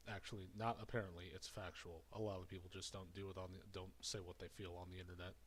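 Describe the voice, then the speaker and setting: Rambling low-voiced man ranting. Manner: rambling and repetitive. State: slightly out of breath after drinking. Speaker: commentary streamer. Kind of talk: casual ranting commentary.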